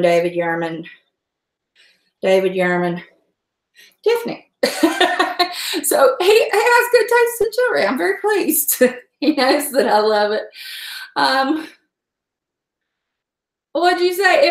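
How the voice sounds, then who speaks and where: A high-voiced, middle-aged woman with a drawl, talking casually and saltily as she hosts a livestream from her kitchen. She laughs often and swears freely. The sound bounces around an echoey room. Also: a bit bright. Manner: chatty, salty, laughs often. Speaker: host. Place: home kitchen.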